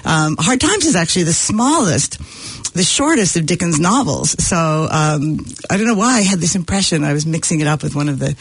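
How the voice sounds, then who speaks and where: Casting: husky, slightly high man, hesitant book-chat guest, dry close mic. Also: lively intonation, brisk, no room sound. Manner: hesitant, many ums, laughs often. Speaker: guest reading from a novel. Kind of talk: casual literary chat.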